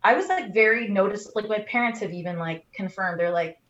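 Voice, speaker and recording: Speaking a little fast at a medium pitch, a woman with a somewhat bright voice tells a heartfelt story of her own while co-hosting a podcast, dropping in plenty of fillers as she chats casually. The sound is roomy, muffled and low-fidelity.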